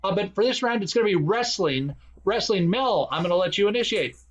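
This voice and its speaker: A man's voice: high voice, lively intonation, fairly quick, muffled recording, slight background noise. A man hosting an online improv comedy game, explaining rules with plenty of fillers. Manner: rambling, many fillers. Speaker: improv show host.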